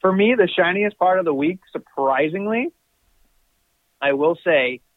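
A man's voice: sits high, expressive, measured pace, no echo. Man on a tinny phone-like line. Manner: rambling, self-correcting opinions. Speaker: podcast co-host. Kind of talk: casual chat.

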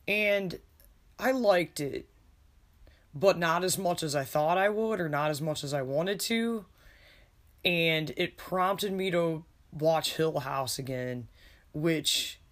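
A man's voice: a little high, fairly bright tone. A man casually reviewing a series on a podcast, rambling and self-deprecating, with plenty of swearing. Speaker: podcast host reviewing a show.

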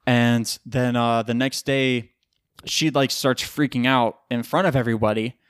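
Man, podcast host, tired, rambling casual chat, dry close sound, mid pitch. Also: steady tone, measured pace, a bit bright, clear, resonant tone, dry recording. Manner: rambling, loose, with casual swearing.

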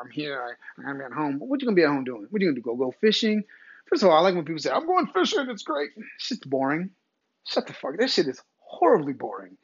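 A man hosting a podcast, delivering a profane, animated comedic rant. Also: medium pitch, husky, no room sound, highs cut off. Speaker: podcast host.

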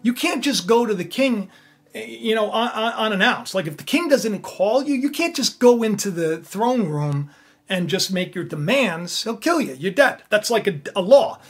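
A preacher retelling a scripture story in a sermon, animated and full of asides to the listeners. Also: mid-range voice, normal speed, slightly rough, faint music behind.

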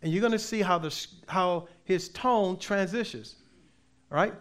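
A man preaching a sermon as pastor, with emphatic delivery that swings between loud and soft and slow readings of scripture. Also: high voice. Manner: reads scripture aloud slowly.

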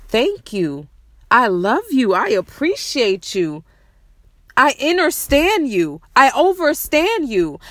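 This podcast host's voice is high and fairly bright, captured with no room sound. Hosting her own show outside at night, she repeats soothing affirmations slowly and with deep feeling, growing emotional and almost tearful at times.

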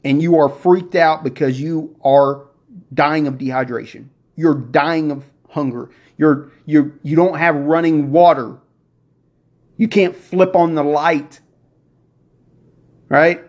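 Excitable preachy man, slightly high voice. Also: slow pace. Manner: excitable and preachy, works himself up. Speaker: podcast host. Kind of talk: motivational podcast monologue. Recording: dull lo-fi recording.

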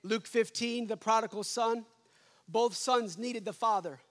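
A man preaching a sermon as pastor, building to shouts and dropping to hushed endings. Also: sits high, measured pace.

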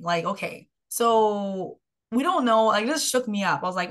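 A young woman, a health and mindset coach, telling a personal story as a podcast guest, animated and full of "like" fillers. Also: mid-range voice, normal speed.

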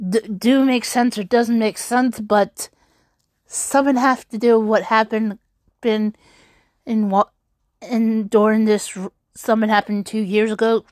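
A woman's voice: medium pitch, no echo. A young woman telling an upsetting personal story on her vlog, rambling with many restarts and fillers. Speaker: YouTuber.

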